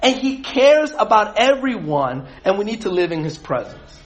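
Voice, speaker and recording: Animated male Bible study leader, high and lively, quizzes his group. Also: normal speed. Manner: animated, asks the group questions, laughs often.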